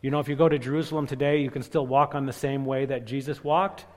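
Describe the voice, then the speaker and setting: A man preaching a sermon, slowing on key phrases and building to loud emphatic peaks. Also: medium pitch, level tone. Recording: long echoing reverb of a large hall.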